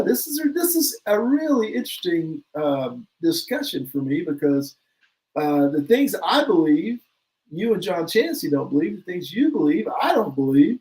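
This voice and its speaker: A man co-hosting a sports talk show speaks in a fairly high voice and keeps it lively, laughing easily as he argues. He reads listener comments aloud and jumps between opinions. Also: normal speed, low-quality recording. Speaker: podcast co-host.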